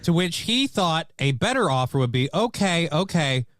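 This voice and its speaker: A man on a morning radio show banters with his co-host, teasing him and jumping in to finish the stories. His voice is a little high for a man. The studio sound is dry and close. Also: very animated, moderate pace, fairly bright tone, no echo. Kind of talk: casual banter.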